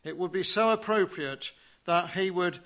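Preaching in an unhurried, even way, a man with a high-pitched voice raises rhetorical questions. He drops almost to a hush when he reaches the crucial phrases.

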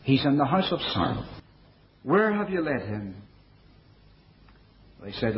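A man preaching a sermon in a measured way, dropping his voice low and soft for quoted verses. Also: very animated, slight background noise. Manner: measured preaching, quoting scripture in older English. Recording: dull, lo-fi recording.

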